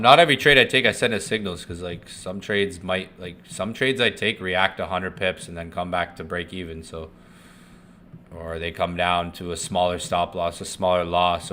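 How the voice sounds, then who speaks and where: A man hosting a live trading stream, chatting loosely and swearing, swinging from hyped call-outs to low muttering. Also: steady tone, normal speed, pushed and bright, slight background noise. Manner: loose and profane, swings between hype and muttering. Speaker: forex trading livestream host. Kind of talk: casual live-stream chat.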